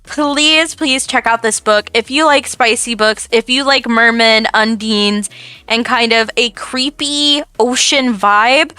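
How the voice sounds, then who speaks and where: A woman's voice: a little high, slow pace, pushed and bright, clear, resonant tone, dry recording, faint music behind. A young woman chatting casually as she reviews a book, gushing and repeating herself.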